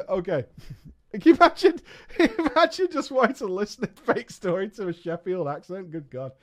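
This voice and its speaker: A man streaming, reading a story aloud and breaking off with quick, joking reactions. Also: high voice. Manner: animated, swears and laughs often, reads in quick asides.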